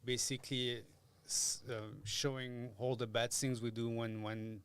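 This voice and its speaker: Hesitant guitarist. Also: male voice, mid-range voice, little pitch movement, measured pace, clean tone. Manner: hesitant, searching for words, laughs often. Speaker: guitarist guest. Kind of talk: casual podcast interview.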